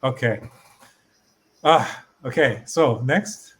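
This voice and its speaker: A man's voice: medium pitch, drawn-out words, slightly rough. A man hosting a podcast as a learner, asking eager, curious questions and restarting his sentences as he thinks. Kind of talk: casual podcast chat.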